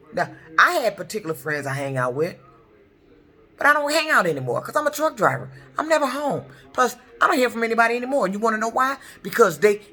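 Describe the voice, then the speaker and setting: A middle-aged truck driver from Detroit, US, vents hard to camera in an angry ranting vlog, her husky voice bright and sharp-edged as it swings widely between high and low. Heated and profane, she keeps circling back to the same points over and over.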